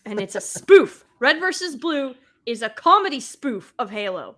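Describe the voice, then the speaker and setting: A woman's voice: high voice, very animated, normal speed, fairly bright tone. A woman from the United States co-hosting a livestream, teasing and laughing easily. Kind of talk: casual livestream chat.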